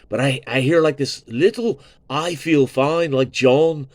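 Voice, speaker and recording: Hosting a relaxed album review, he raves about the music, curses freely, and circles back to the same compliments repeatedly. He has a mid-range male voice and speaks a little slowly, with no room sound.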